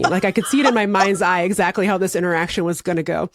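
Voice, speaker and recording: A woman in her forties co-hosting a podcast, telling a comic story in a lively way and laughing often. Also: fairly low pitch, quick pace, dry recording, clean studio sound. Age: 40s. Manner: animated, laughs through her own stories. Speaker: podcast co-host. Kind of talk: casual chat, comic storytelling.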